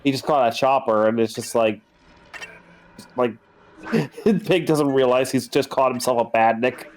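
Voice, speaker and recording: A man's voice: medium pitch, measured pace, slight background noise. A man from the US Midwest chatting casually on a game stream, laughing often and restarting his sentences. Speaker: co-player on stream. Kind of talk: casual chat.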